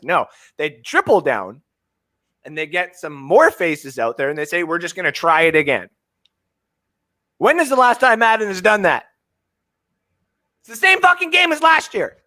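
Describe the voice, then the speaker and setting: A man from Canada, in his thirties, co-hosts a sports podcast in a loud, profane rant. His voice sits high and bright. He swings between shouting and low muttering. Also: big pitch swings, normal speed, pauses often. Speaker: fantasy sports podcast co-host. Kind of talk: ranting podcast chat.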